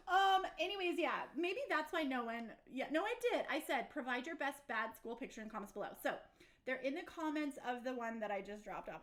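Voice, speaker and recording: A woman's voice: high voice, sing-song, measured pace, fairly bright tone. A young adult woman hosting a casual livestream chat, bubbly and giggly, exclaiming often. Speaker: livestream host.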